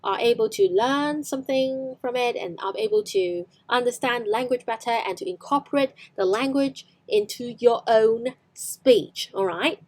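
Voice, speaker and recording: Woman teaching English, high voice. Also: a little mellow. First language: Cantonese. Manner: explains slowly, repeats lines for practice. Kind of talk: live-stream English lesson.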